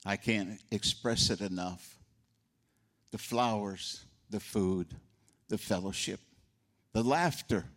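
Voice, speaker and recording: An older man speaks slowly in a fairly low, slightly bright voice with fairly even intonation. He's giving a folksy eulogy for his sister, storytelling and voicing the characters himself.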